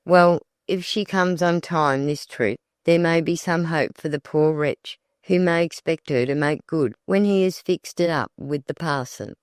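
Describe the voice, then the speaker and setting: A wry young man who teases and jokes in an old-fashioned audiobook tale, read by the narrator. The voice is smooth and clear, with a dry, close sound. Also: medium pitch, unhurried, hardly any pauses, no room sound, close to an everyday voice. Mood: teasing. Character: joking young man, Ned.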